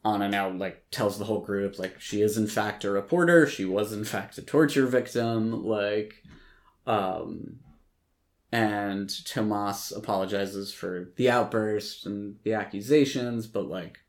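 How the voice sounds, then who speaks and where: Rambling, low-voiced podcast man. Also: unhurried. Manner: rambling, many likes and ums, occasional swearing. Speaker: podcast host. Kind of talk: casual film recap.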